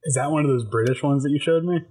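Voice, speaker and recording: A man's voice: medium pitch, racing, noisy background. A man co-hosting a tabletop gaming podcast, chatting casually in a rambling way, swearing and laughing often. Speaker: podcast co-host and dungeon master. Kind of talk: casual chat.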